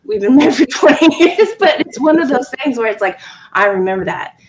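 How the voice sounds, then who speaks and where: Lively storytelling woman, higher voice. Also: a little fast, crowd noise, poor audio. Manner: animated storyteller, laughs often, swears. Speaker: guest in a live chat stream. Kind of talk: casual chat.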